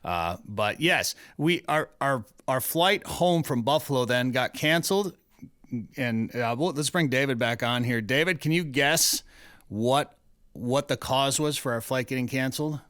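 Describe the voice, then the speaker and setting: A male radio host with a bright, forceful voice, telling stories and running trivia in an easygoing, rambling way. The studio sound is dry and close. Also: medium pitch, animated, measured pace, smooth, no echo. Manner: chatty, loose storytelling with restarts. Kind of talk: casual radio banter and trivia.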